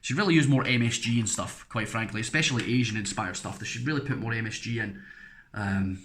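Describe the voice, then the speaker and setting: A man's voice: lowish voice, fast talker, a bit bright, a little hiss or hum. Frank, chatty English man reviewing food. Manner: frank, rambling, chatty asides. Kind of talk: casual product review.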